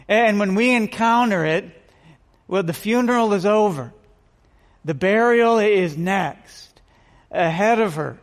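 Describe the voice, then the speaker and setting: Male pastor, high voice, unhurried sermon full of rhetorical questions, hall reverb. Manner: dramatic pauses, rhetorical questions.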